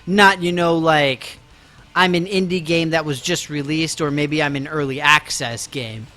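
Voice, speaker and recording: A man's voice: fairly high pitch, steady tone, a little slow, bright, forceful tone. A man live-streaming a video game, chatting casually and mocking himself to his viewers while he plays.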